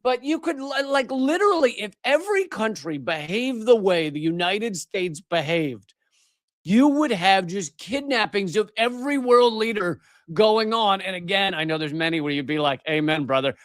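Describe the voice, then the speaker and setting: A man's voice: sits high, expressive, moderate pace, fairly bright tone, no echo. A middle-aged man hosting a live political commentary show, ranting angrily with profanity and frequent restarts. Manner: angry, profane, emphatic with many restarts.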